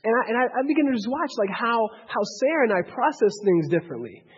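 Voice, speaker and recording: A man leading a Bible study, talking in an animated way, with many restarts and rhetorical questions. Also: very high-pitched, fast talker, breathy edge. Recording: dull, echoey hall recording.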